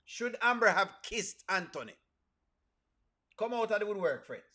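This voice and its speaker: A man with a Jamaican accent giving lively live reaction commentary, mixing patois into his English. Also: high-pitched, normal speed. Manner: animated, mixes patois with standard English. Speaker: reaction streamer.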